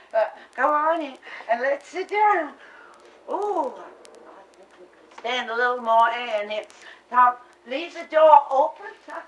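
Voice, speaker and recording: A woman's voice: high voice, fairly bright tone, slight background noise, heavily acted. An actress playing a faded Southern belle mother who gushes and rambles with little laughs, in a Southern accent. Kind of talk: stage play scene. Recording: roomy stage sound from far off.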